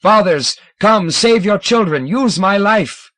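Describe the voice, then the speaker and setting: Guy doing a thundering alien elder, zealous, yells high and loud, dry sound. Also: expressive, slow pace, no room sound, heavily acted. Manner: thundering, proclamatory. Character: booming alien patriarch, zealous and commanding.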